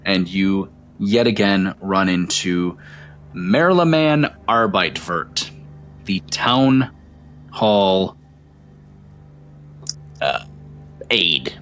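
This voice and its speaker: Low-voiced male game master narrating. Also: big pitch swings, very slow, long pauses, a bit bright. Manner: rambling descriptive narration with fillers.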